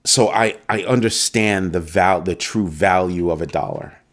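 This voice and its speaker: A middle-aged New Yorker hosts a crypto show, talking casually to viewers in an emphatic style and repeating points to stress them. His voice is low-pitched and a little slow.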